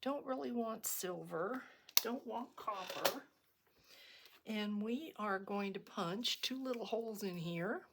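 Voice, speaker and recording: A woman's voice: mid-range voice, slow, gravelly, fairly bright tone, a little hiss or hum. A middle-aged woman hosting a casual craft tutorial, chatty and rambling, with frequent ums and restarts as she works. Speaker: crafting video host.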